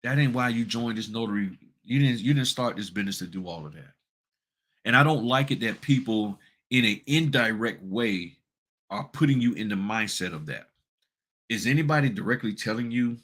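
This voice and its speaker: A man with a low-pitched voice hosts a casual talk on running a notary business. He speaks bluntly and colloquially, pressing his listeners with rhetorical questions as he walks them through his site. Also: expressive, moderate pace, a bit bright. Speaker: notary business channel host. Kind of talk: casual advice talk with screen walkthrough.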